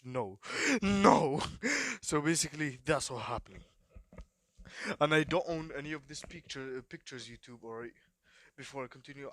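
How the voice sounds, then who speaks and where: A man's voice: a little high, a bit bright, no echo, clean studio sound. A man improvising a fan-fiction story for his channel in a rambling, hyperactive, profane way, full of fillers and asides. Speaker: YouTube storyteller.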